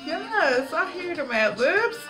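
Reaction co-host, woman, slangy and giggly, bright swooping voice, faint music underneath. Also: very high voice, big pitch swings, slow pace. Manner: giggly, tearful, slangy ("bruh", "dude", "child"). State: laughing through tears. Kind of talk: casual reaction chat. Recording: music video playing behind.

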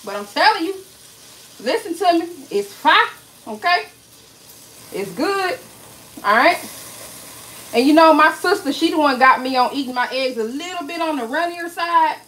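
High, bright-voiced woman on a cooking livestream. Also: expressive, normal speed, long pauses, a little hiss or hum. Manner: chatty, talks straight to viewers; playful, swears and jokes. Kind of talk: casual livestream cooking demo.

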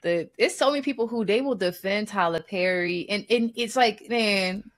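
A man co-hosting a podcast in casual chat, animated and slangy. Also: high-pitched, moderate pace. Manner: animated and chatty, with slangy talk. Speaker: podcast co-host.

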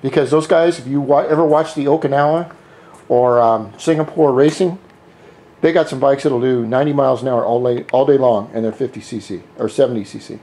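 In a brisk, dark-toned, medium-pitched voice, a middle-aged American scooter vlogger shows how to spray paint parts in his workshop. The video is casual, and he rambles, jokes and cusses freely throughout.

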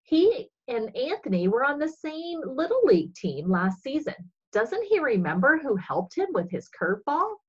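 Gentle prayerful girl in a children's story, woman reader, soft and breathy, lively pitch. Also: moderate pace, hardly any pauses, lo-fi sound, full character voice. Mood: worried. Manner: soft, earnest.

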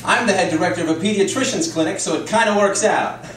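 A man with a slightly high voice tells deadpan one-liners in a comedy sketch. He sounds far from the mic in a roomy space, with steady background noise. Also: quick pace. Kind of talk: deadpan mock interview sketch.

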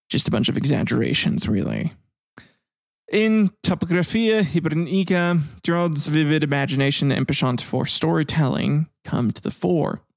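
A man's voice: fairly high pitch, creaky, no echo, studio quality. A man hosting a history podcast in casual chat, rambling between reading notes and crude joking asides. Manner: rambling, jokey, crude asides, frequent laughs. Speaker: podcast host.

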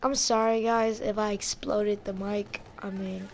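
A young woman commentating her own shooter gameplay, sick and with an upset stomach, yelling in frustration and then calming down. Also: mid-range voice, unhurried, a little hiss or hum. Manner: yells in frustration, then calms down. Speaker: gaming YouTuber.

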